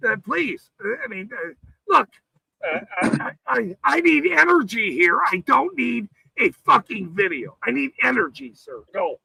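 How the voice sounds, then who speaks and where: Man, profane shouting rant, bright sharp tone, gravelly, dry close sound. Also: very high voice, sing-song, measured pace, no room sound, low-quality recording. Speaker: livestream host. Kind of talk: ranting livestream talk.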